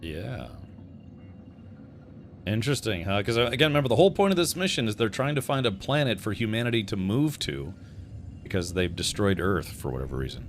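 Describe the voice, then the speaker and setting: A man's voice: on the low side, animated, fairly quick, slight background noise. A man streaming a game, chatting with his viewers in a rambling, joking way with frequent chuckles. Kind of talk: casual gameplay commentary.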